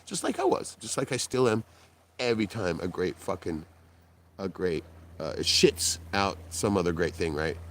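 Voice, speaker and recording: A man's voice: moderate pace, slight background noise. A man hosting a live stream, telling a story in casual talk, swearing and laughing often as he quotes other people. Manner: animated, jumps in pitch when quoting and laughing. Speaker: livestream host.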